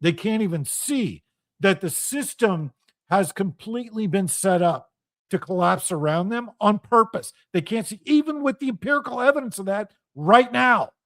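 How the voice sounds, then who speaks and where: A man's voice: high voice, normal speed, a bit bright, dry recording, studio quality. A middle-aged man hosting a radio show, delivering a heated, profane solo monologue with an intense, ranting manner.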